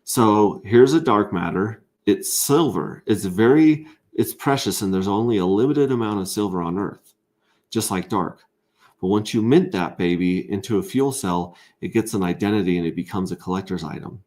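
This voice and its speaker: A man hosting a casual livestream, reading out viewer comments in an excitable, rambling way and often stammering over restarts. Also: lowish voice, moderate pace. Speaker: livestream host.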